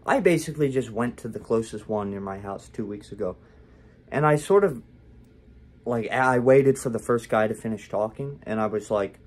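A man's voice: medium pitch, normal speed. Candid rambling young man vlogging. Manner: rambling and candid, with many fillers and restarts. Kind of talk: casual personal vlog.

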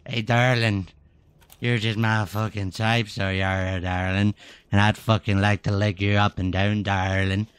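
Lewd flirt with a put-on Irish brogue, low and pushy, as a man does it. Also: little pitch movement, unhurried, smooth, no echo, close to an everyday voice. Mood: leering.

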